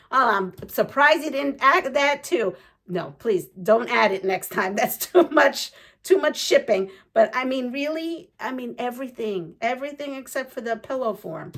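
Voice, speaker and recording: A woman chatting casually as a quilting vlogger, gushing and excitable, rambling with lots of fillers. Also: on the high side, unhurried. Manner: gushing and excitable, gasps and giggles. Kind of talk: casual unboxing chat.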